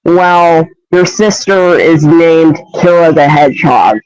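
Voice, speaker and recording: A man voicing a gracious, regal mother hedgehog queen in a high-pitched, formal and earnest voice. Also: takes it slowly, darkish tone, smooth, no room sound, low-quality recording. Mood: explaining.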